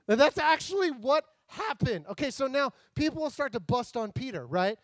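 A man's voice: very high voice, normal speed, few pauses, dry recording. A man preaching a casual, jokey sermon, acting out the characters in the stories. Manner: animated, jokey, acts out voices. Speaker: pastor.

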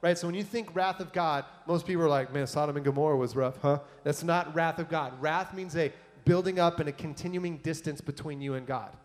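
A man preaching a sermon in a conversational, animated way, reading scripture and adding casual asides to his audience. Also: a little high, a little fast, hardly any pauses. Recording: long hall reverb.

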